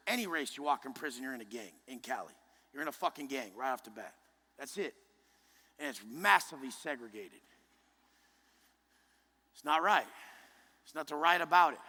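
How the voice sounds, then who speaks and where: A man giving a motivational speech to a live group. He talks in a blunt, intense, heavily profane way and often pushes up to a shout. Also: a little high. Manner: forceful, often rising to a shout. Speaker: motivational speaker. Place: large indoor event room. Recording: live hall speech with long reverb.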